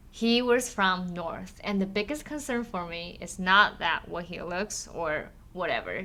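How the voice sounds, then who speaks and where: A woman's voice: medium pitch, bright, forceful tone. A young woman from Yangzhou with a Chinese accent, a show guest who explains things earnestly with small restarts. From Yangzhou, China. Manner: earnest, explains carefully with some hesitant restarts. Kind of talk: casual chat.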